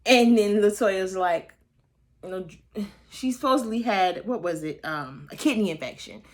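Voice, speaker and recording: A woman in her thirties giving a casual, sassy recap of a reality show, chatty and playfully shady, and she slips into exaggerated high voices for quotes. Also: lively intonation, moderate pace. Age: 30s. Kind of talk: casual gossip commentary.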